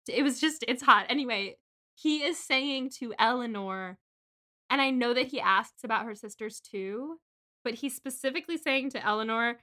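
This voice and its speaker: A young woman co-hosting a casual book podcast, chatty and animated as she recaps chapters and swears now and then. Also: fairly high pitch, normal speed. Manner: chatty, swears, acts out quotes. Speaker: podcast co-host. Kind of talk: casual book-club chat.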